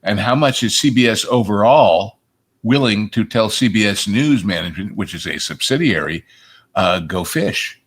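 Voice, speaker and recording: A man's voice: lowish voice, expressive, moderate pace, breathy edge. A man co-hosting a casual news commentary show, speaking wryly and emphatically and quoting history. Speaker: co-host. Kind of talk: casual political commentary chat.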